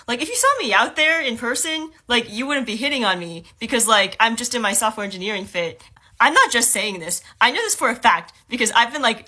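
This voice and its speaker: A woman's voice: a little high, sharp tone. A woman talking casually to camera in a chatty way, full of fillers. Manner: chatty, lots of "like".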